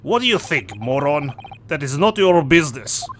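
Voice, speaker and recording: Brief: a man reading as a rude, gruff game sailor with broken English, voice a little high. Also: big pitch swings, normal speed, background noise. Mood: rude, mocking. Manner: blunt, broken-English put-on accent. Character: gruff rude male ship's sailor guard.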